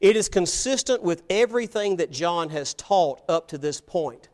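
A man preaching a sermon from the pulpit, emphatic, asking rhetorical questions and swinging between loud and soft. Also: high voice, lively intonation, moderate pace. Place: church, evening service.

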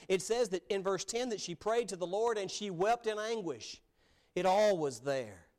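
A man preaching a sermon in an earnest way, building to emphatic peaks as he urges his listeners. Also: sits high. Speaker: pastor.

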